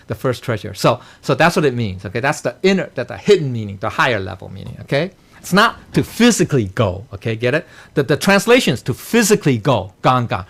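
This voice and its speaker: A man's voice: mid-range voice, vocal fry. A man teaching a class on a sutra at a temple, explaining term by term, dropping "okay?" and "right?" after nearly every phrase and chuckling at his own jokes. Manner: checks in constantly with "okay?" and "right?". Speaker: dharma teacher.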